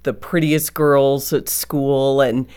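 Slow, low-voiced woman co-host. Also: fairly even intonation, darkish tone, smooth. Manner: slow, thoughtful, affirming. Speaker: radio co-host. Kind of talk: radio interview.

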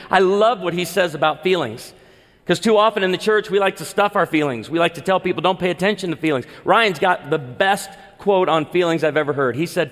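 A man's voice: high-pitched, fairly bright tone. A middle-aged man preaching a sermon as a pastor, earnest and emphatic, building points in rhythmic lists. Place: church sanctuary. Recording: long reverb in a large church hall.

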